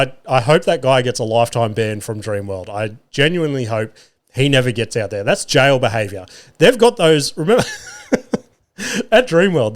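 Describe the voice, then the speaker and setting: An Australian man hosting a podcast, telling a comic story in a profane, exaggerated rant and talking straight to his listeners. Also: mid-range voice. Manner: fillers and restarts, addresses listeners directly. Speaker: podcast host.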